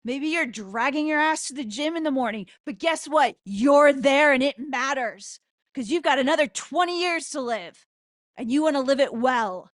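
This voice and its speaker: A woman spiritual teacher giving an impassioned spoken prayer, loud and fervent into a close microphone, swearing for emphasis. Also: sits high, lively intonation, moderate pace, dry recording.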